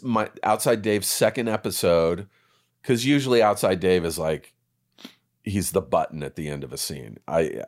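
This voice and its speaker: Deep-voiced man in his fifties. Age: 50s. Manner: relaxed storyteller, swears freely, laughs. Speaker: actor guest. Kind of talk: casual interview chat.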